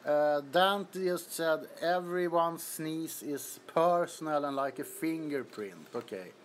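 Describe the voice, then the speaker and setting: Talking slowly in a fairly high voice, a man hosts a casual livestream from his apartment bedroom, greeting viewers and laughing frequently while sweaty from the heat. The phone recording has slight background noise.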